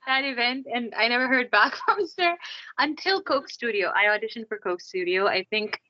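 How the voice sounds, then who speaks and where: A woman's voice: a little high, lively intonation, normal speed. A woman chatting casually as a podcast guest, laughing often and trailing off mid-sentence. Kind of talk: casual interview chat. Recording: slightly muffled audio.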